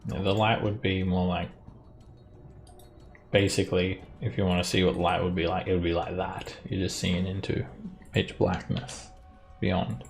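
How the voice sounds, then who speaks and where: A man's voice: low-pitched, flat delivery, normal speed, vocal fry, pauses often, faint music behind. A man running an online tabletop game as game master, explaining rules plainly with hesitant fillers.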